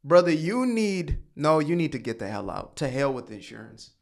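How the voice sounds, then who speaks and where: A man's voice: fairly high pitch, very animated, moderate pace, vocal fry. Fired-up man ranting into the mic. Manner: heated, preachy, swears, rhetorical questions. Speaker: commentary channel host. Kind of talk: reaction commentary rant.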